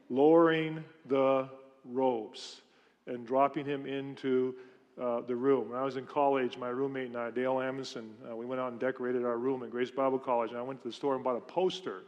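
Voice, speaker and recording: A pastor preaches a sermon in a church sanctuary, telling stories conversationally and asking the congregation questions. His voice is medium pitch, heard in a large hall with lo-fi sound.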